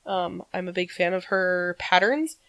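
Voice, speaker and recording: A woman co-hosting a podcast in casual chat, talking in a rambling way with frequent pauses. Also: on the low side, a bit bright, no room sound, dull audio. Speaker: podcast co-host.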